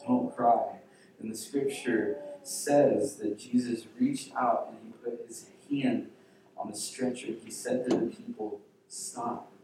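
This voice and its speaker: Male pastor, slow dramatic storytelling sermon, voice distant in a very echoey church hall. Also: medium pitch, slight background noise. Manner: dramatic storytelling, acting out quotes with hushed drops.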